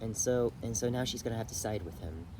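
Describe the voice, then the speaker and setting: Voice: mid-range voice, fast talker, background noise. A speaker casually retelling a TV drama to a friend, rambling with lots of fillers and restarts. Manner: rambling, many fillers and restarts, bursts of laughter. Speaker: channel host.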